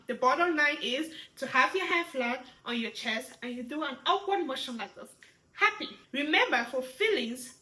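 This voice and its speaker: A woman teaching a beginners' sign language lesson, pregnant and expressive. Her voice is high and bright. She keeps checking in with "right?", and the room adds a clear echo. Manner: expressive, often asks "right?". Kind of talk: instructional lesson.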